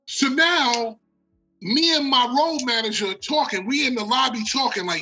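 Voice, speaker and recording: An American man spinning a story in a bright, forceful voice with a husky edge. He talks with animation and plenty of swearing, and he acts out every quote. Faint music sits underneath. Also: very high voice, expressive, fairly quick, low-quality recording. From United States. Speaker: guest storyteller. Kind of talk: casual storytelling.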